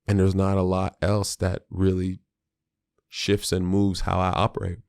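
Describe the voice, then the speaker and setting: A man's voice: low voice, monotone, unhurried, creaky, a little mellow, clean tone, no room sound, studio quality. A man hosting his own podcast, a father talking in a reflective, candid and slangy way, often restarting his sentences. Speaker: podcast host; father of a small child. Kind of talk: solo podcast monologue.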